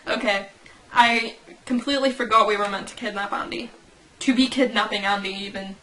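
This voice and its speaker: A woman's voice: mid-range voice, fairly even intonation, normal speed, long pauses, sharp tone, slight background noise, poor audio. A young woman hosting a fan channel, reading and reacting in a casual, rambling way, giggling and stopping to correct herself.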